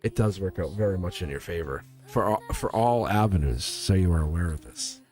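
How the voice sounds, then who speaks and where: A man's voice: sits low, lively intonation, fairly quick, darkish tone, soft background music. A man giving live-stream tarot readings to viewers in a rambling, earnest way, often restarting his sentences and getting emotional.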